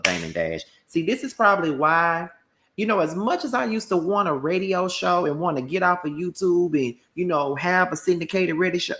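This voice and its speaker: Male commentary host, slightly high voice, profane and combative, rant delivery built on rhetorical questions. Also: pushed and bright. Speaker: commentary YouTuber.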